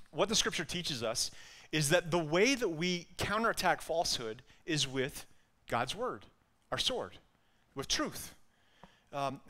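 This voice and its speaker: A man's voice: fairly high pitch, bright, forceful tone. A man with an Alabama accent preaching a sermon in an earnest way, often repeating words as he builds a point. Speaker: pastor.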